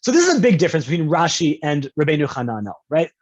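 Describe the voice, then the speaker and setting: A man lecturing to a class over a video call, relaxed and conversational. He keeps checking in with his listeners and jumps up in pitch when he quotes someone in an example. The audio is dull and lo-fi. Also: quick pace. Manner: conversational, often checks in with "right?". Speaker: rabbi teaching a class. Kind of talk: online lecture on Jewish law.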